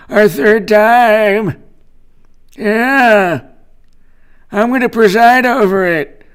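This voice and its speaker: A man putting on a high, quavering voice as a boastful very old senator. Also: fairly bright tone, heavily acted.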